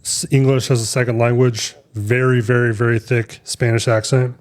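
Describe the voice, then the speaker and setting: A man's voice: medium pitch, flat delivery, moderate pace. A young adult man co-hosting a podcast, telling stories in a rambling way with many fillers and restarts. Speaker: podcast co-host. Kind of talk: casual chat.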